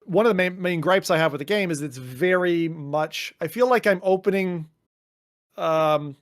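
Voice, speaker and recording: A man's voice: high voice, moderate pace, no echo, studio quality. A man co-hosting a podcast, chatting casually and animatedly, slipping into mock voices and swearing. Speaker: podcast co-host. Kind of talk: casual chat.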